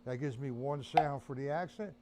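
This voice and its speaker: Amid very noisy conditions, a drum teacher with a mid-range voice speaks at a moderate pace. During his live-streamed lesson he counts beats out loud while playing and chats with viewers, addressing them as guys.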